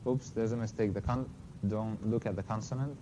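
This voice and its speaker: A man's voice: on the low side, fairly even intonation, brisk. A man giving a linguistics lecture with slides, explaining carefully and correcting himself with brief apologetic asides. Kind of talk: academic talk with slides. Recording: slightly dull lo-fi lecture recording with faint noise.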